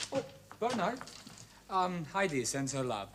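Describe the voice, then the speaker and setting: A smug Italian gangster. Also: male voice, sits high, very noisy, exaggerated voice. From Milan, Italy. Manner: mocking, smug, breaks into sly laughs. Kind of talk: 1970s TV crime drama acting.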